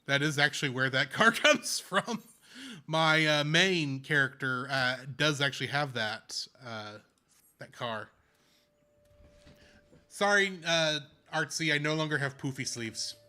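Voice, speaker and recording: A man's voice: a little high, animated, unhurried, pushed and bright, clean tone. A man casually playing an online role-playing game, joking and rambling as he reads the quests aloud. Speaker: gamer streaming a playthrough.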